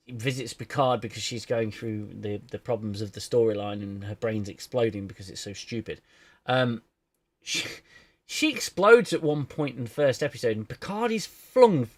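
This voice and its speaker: A man's voice: mid-range voice, moderate pace. A man hosting a casual livestream chat about shows, rambling with laughs and restarts. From United Kingdom. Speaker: show reviewer and host.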